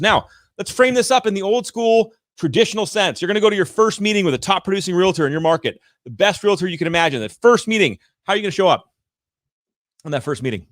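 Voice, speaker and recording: A man's voice: sits high, fairly bright tone, dry recording. A man hosting a live show, giving direct, emphatic coaching talk with points repeated for effect, in a room with large windows on a studio microphone.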